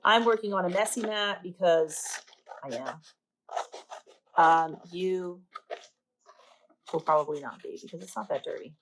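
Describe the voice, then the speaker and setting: A woman's voice: fairly low pitch, a little slow, pauses often, a little hiss or hum, poor audio. A woman teaching a paper craft step by step, chatty and a little self-mocking as she works. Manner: chatty and self-deprecating, talking while working. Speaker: art teacher.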